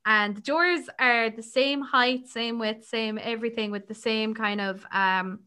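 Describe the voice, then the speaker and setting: Bright, chatty young woman. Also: on the high side, fairly even intonation, a little slow, smooth. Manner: chatty, laughing, frequent fillers. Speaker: podcast co-host. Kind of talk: casual book chat.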